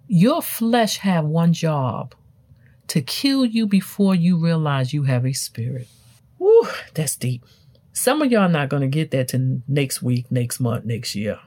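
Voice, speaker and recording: A woman's voice: mellow, husky. A woman hosting a self-help show, talking emphatically in a motivational, preachy way. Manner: preachy, emphatic, wide swings in pitch. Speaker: self-help podcast host. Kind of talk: motivational talk.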